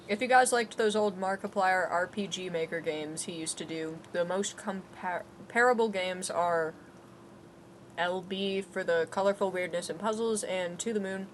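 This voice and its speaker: Wanita streamer gim yang cerewet dan sering tertawa. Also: female voice, fairly low pitch, moderate pace, slight background noise. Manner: chatty, laughing, swears freely. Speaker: co-host. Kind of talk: casual gameplay stream chat.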